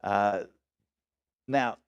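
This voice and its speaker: Speaking very slowly in a fairly low, clean voice with the highs cut off, a pastor teaches a Bible study in church. He's earnest and emphatic, regularly checks in with listeners, and often restarts and corrects himself.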